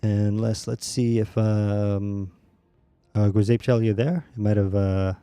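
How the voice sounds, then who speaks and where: A man streaming a game, chatting casually with teammates in a relaxed, rambling way with many fillers. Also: on the low side, takes it slowly, clean tone, dry recording, faint music behind. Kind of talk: casual gaming chat.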